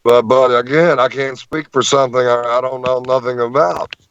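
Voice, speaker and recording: A man, a guest on an interview show, telling a long story in an animated way and often repeating words as he goes. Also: mid-range voice, normal speed, dull audio, slight background noise.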